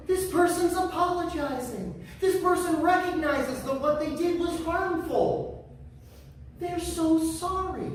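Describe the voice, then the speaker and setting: A man's voice: extremely high pitch, a little hiss or hum. A man preaching a sermon as pastor, emphatic and repeating key phrases for weight. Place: church sanctuary. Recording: echoey church from far off.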